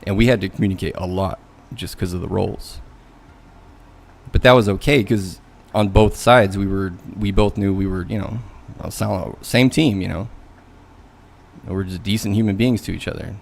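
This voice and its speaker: Man, low voice, gravelly, casual rant, swears, loose and chatty. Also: fairly even intonation, moderate pace, slight background noise. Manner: venting, mocking voices in quotes, swears, loose and conversational. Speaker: coding learnalong streamer.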